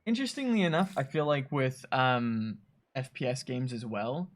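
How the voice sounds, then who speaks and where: A man's voice: medium pitch, moderate pace. A man co-hosting a game studio livestream, chatting casually, laughing often and reading out viewer chat. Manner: chatty, laughs often, animated when mimicking players. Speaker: streamer co-host reading chat.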